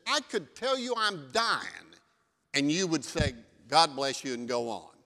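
A man's voice: a little high, big pitch swings, unhurried, bright, forceful tone, in a large hall, heavily acted. A male preacher voicing a blunt elderly woman in a wheelchair as he retells a story in his sermon. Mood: scolding. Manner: blunt, scolding.

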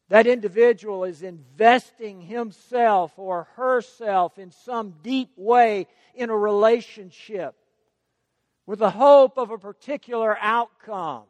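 Slow, high-voiced preacher in a hall. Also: male voice. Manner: emphatic, repeats key words for stress. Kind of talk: sermon.

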